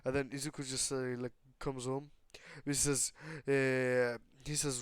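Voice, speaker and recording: A man's voice: medium pitch, flat delivery, a little slow, smooth, no room sound, clean studio sound. A young man casually retelling a made-up story, rambling with lots of fillers and casual swearing.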